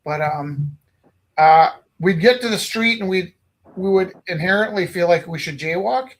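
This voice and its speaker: A man from Canada telling a story in casual chat, animated, acting out the quotes loudly. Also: high voice, normal speed. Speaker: host.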